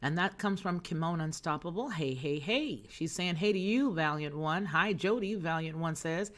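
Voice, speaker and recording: Lady streamer chatting w her viewers, kinda low voice, sassy and emphatic. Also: moderate pace. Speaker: host of a news and chat livestream. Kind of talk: casual chat, reading chat comments.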